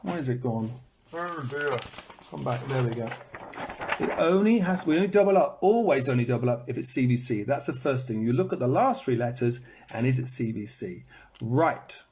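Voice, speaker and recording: A man's voice: medium pitch, expressive, brisk, darkish tone, slight background noise. A man teaching in a live online lesson, repeating words to show their stress and breaking into bits of song, recorded on a phone. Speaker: English teacher.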